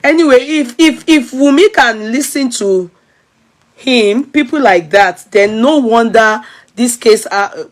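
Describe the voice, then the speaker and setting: A woman's voice: on the high side, slow. A woman with a Nigerian accent hosting casual commentary, chatty and switching into Yoruba phrases. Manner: chatty, mixes in Yoruba, frequent laughter.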